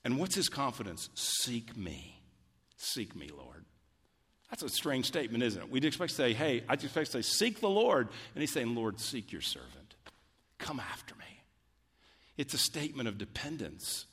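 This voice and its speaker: A male pastor gives a sermon in a casual, conversational way, then punches certain phrases with sudden loud emphasis. His voice sits at a middle pitch for a man. It rings out with a long reverb through a church hall. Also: sing-song, a little fast, breathy edge. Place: church sanctuary.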